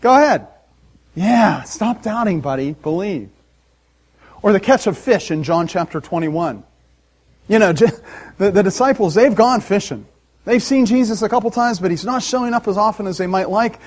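A man preaching a sermon, animated and laughing often, acting out the voices in the story. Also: high-pitched, brisk. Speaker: pastor.

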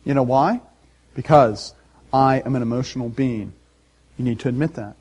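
A man pastor preaching a sermon, animated and emphatic, with dramatic pauses. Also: mid-range voice, slightly rough.

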